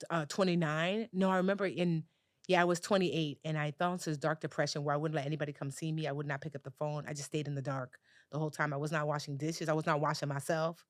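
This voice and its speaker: Woman, 40s, interview guest, animated storyteller, lowish voice, dry close sound. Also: dry recording. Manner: animated storyteller who acts out other people's voices. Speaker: guest, personal finance educator.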